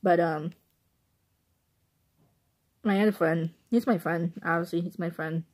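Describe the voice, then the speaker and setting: With a lowish voice, fairly even intonation, and a measured pace, a young Chicago-suburbs vlogger from Illinois chats into her phone about a movie. Her review rambles casually and is punctuated by frequent laughs.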